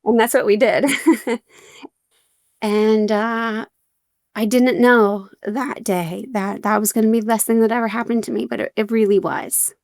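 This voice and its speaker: A woman's voice: a little high, fairly even intonation, measured pace, gravelly, darkish tone, dry recording, clean studio sound. A young adult woman, a podcast guest, telling her story candidly with wry humor and many fillers.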